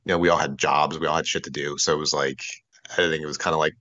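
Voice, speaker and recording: A very deep male voice in his forties, quick and bright in tone, rambling through a casual chat full of filler words and loose swearing. He comes across a dull, lo-fi internet call. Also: steady tone. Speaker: podcast guest, former bandmate. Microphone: video call.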